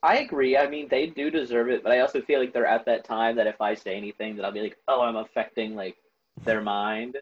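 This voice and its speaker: A man's voice: mid-range voice, fairly even intonation, a little fast, husky, dull audio. A young man chatting casually on a podcast, earnest and full of fillers. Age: young adult. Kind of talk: casual chat.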